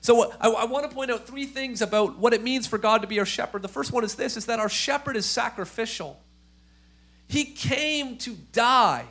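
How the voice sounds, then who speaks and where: High-voiced man preaching a lively sermon. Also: moderate pace. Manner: conversational preaching with rhetorical questions, building to emphatic peaks. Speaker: pastor.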